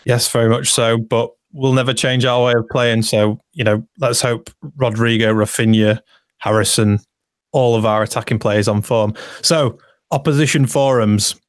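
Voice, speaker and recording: A man's voice: medium pitch, steady tone, moderate pace, dry recording, clean studio sound. A man co-hosting a casual football podcast, chatting and reading out listener messages. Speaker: podcast co-host.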